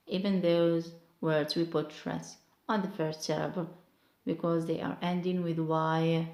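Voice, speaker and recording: A woman, teaching English word stress slowly and carefully, repeating each example word. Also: lowish voice, fairly even intonation, a little mellow, roomy sound. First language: Arabic. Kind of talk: online pronunciation lesson.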